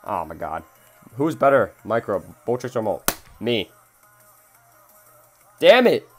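A young adult gaming streamer plays a mobile game live, cursing at his phone in frustration and reading chat aloud as he answers it. His fairly low voice is animated and moves at a normal speed, with faint music in the background.

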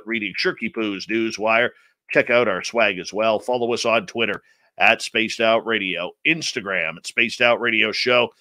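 A man hosting a radio talk show, upbeat and jokey, with big swings in his delivery. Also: no room sound. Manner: energetic, jokey announcer delivery with big pitch jumps.

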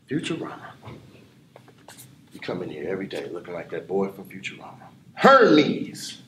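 A man playing a teacher in a comedy sketch, roasting his students in a loud, mocking way. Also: low voice, huge pitch swings, normal speed, long pauses, distant mic. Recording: echoey room with background noise.

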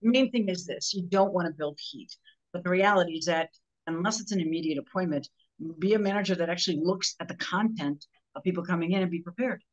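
Woman guest, rapid and animated, slightly dull lo-fi audio. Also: lowish voice. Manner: fast, animated storytelling, acts out customers. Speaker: sales trainer guest. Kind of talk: casual conversation.

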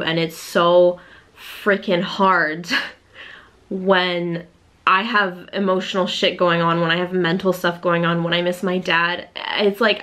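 A woman's voice: fairly low pitch, a bit bright. A young adult woman talking frankly to camera in a casual vlog, open and unfiltered, with the odd swear word. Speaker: vlogger preparing for a physique competition. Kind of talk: candid casual vlog talk.

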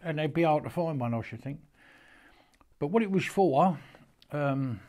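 A man's voice: on the high side, animated, a little slow, pauses often, darkish tone. An older man, casually telling a rambling, heartfelt story to camera about his work with horses, with many stops and restarts. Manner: rambling, homely, stops and restarts a lot, speaks with feeling. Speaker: horseman showing an antique.

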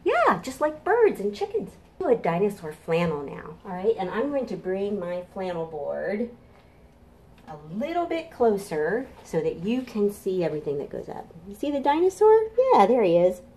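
Animated sing-song woman librarian, warm. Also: medium pitch, moderate pace, a little hiss or hum. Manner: cheerful, sing-song, speaking to small children. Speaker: children's librarian. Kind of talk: storytime for toddlers. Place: home kitchen.

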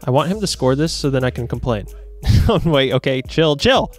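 A young man giving casual, excitable commentary over his own football video game match, reacting loudly to the plays. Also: medium pitch, a little fast, soft background music. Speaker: gaming YouTuber.

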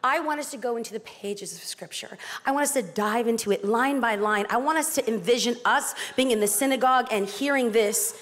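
Her voice a little high, an East Los Angeles woman pastor delivers a sermon at a fairly quick pace with hardly any pauses. The preaching is emphatic and dramatic, dotted with playful asides, and a long hall reverb fills the recording.

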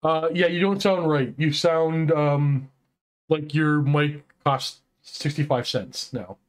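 A man co-hosting a casual online chat, ranting excitedly with many restarts and quick turns. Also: a little high. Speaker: podcast co-host.

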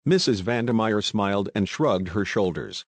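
A man narrating an audiobook in a steady, even reading voice. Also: on the low side, normal speed, husky, dry recording. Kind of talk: scripted narration.

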